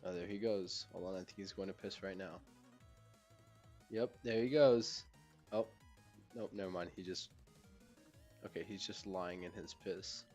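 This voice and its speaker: A man's voice: low voice, fairly even intonation, unhurried, long pauses, a little mellow, faint music behind. Laid-back young man rambling on a podcast. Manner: rambling and laid-back, with lots of fillers and restarts. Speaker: podcast host. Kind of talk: casual chat.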